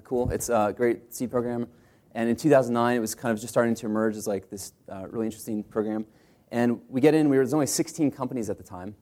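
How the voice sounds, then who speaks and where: A man telling the founding story of his startup to an audience, animated and acting out the people he quotes. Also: medium pitch. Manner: animated, acts out quotes in put-on voices.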